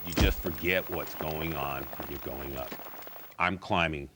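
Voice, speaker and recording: A man's voice: rumbling low, a little slow, heavy background noise. A man in a documentary interview, talking bluntly and with determination about climbing. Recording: interview under loud music.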